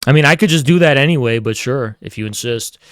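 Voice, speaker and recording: Smooth-voiced profane streaming man. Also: medium pitch, fast talker, fairly bright tone, dry recording, clean studio sound. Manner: profane, taunting, mock-grandiose. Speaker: livestream host. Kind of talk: casual streaming rant.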